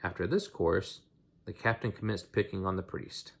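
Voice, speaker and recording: A man's voice: low voice, moderate pace, vocal fry, husky. A man reading a novel aloud in an unpolished way, with slips and restarts. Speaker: audiobook reader.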